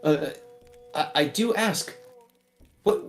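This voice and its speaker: A fussy, stammering halfling mother in a tabletop game, pitched up high and bouncing all over. She is easily shocked. A man puts her on. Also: animated, slow, echoey room, faint music behind. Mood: flustered. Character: flustered kindly halfling mother, middle-aged woman.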